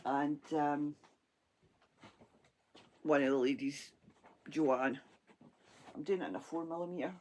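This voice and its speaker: A woman with a Scottish accent talks through her crochet in a loose, rambling, chatty way. Her throat sounds hoarse and froggy, and she laughs often. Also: deep voice, takes it slowly, pauses often, darkish tone, slight background noise. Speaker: crochet vlogger. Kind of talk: casual crafting chat.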